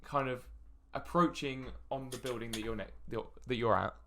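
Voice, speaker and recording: A man narrating a tabletop game as dungeon master, describing scenes with halting fillers. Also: mid-range voice, fairly bright tone.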